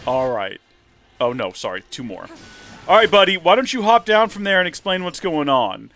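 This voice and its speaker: A gamer hosts a live game stream, chatting and cracking self-deprecating jokes while he plays. His voice is fairly high, very animated and fairly bright, at normal speed, with faint music in the background.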